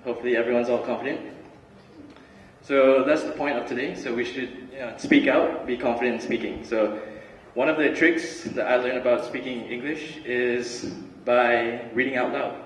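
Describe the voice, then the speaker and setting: A young man giving a relaxed, chatty student talk with lots of fillers and restarts. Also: medium pitch, moderate pace, a little hiss or hum. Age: young adult. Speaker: student speaker. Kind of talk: casual student talk and spoken word. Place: large hall. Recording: roomy hall recording from far off.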